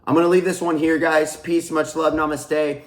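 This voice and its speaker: A man's voice: a little high, little pitch movement, normal speed. Earnest man teaching in an echoey room. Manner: earnest and repetitive, restarts phrases, addresses viewers as "guys". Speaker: spiritual coach and channel host. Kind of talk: casual spiritual teaching monologue.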